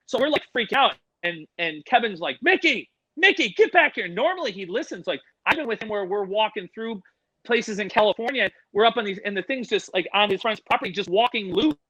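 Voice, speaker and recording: A man, a podcast guest who works with animals, telling a story in an animated way and swearing freely. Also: high voice, fairly quick, no echo, rough recording.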